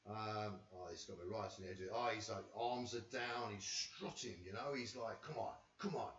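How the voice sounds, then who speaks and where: A man's voice: lowish voice, moderate pace. Tired man, echoey front room. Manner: rambling, excitable, casually swearing. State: tired after a sleepless night. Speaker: boxing channel host. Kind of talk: live fight watch-along commentary. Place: his front room at home. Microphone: camera he talks into. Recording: echoey room, far from the mic, dull sound.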